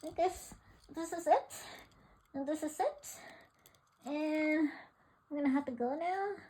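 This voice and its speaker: A woman's voice: sits high, slow pace, mellow. A woman vlogging with her pet bird, giggling and coaxing it in playful baby talk. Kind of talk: casual vlog chatter to her pet and viewers.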